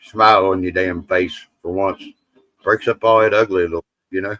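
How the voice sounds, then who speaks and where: A man's voice: low-pitched, fairly even intonation, normal speed, a bit bright, faint music behind, low-quality recording. A man hosting a casual livestream, rambling and teasing his friends with salty jokes. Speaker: livestream host.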